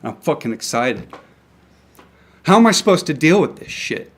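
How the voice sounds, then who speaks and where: A man's voice: a little high, big pitch swings, normal speed, a bit bright. A young man angrily ranting to camera about markets, swearing often and stumbling over restarts. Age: young adult. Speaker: independent crypto commentator. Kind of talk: angry solo rant to camera. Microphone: camera mic.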